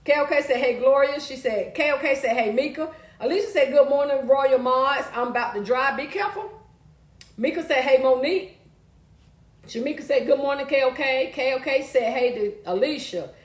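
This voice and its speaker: A woman hosting a casual live stream, chatty and loud, calling out to viewers and reading their comments. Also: high-pitched, moderate pace, echoey room.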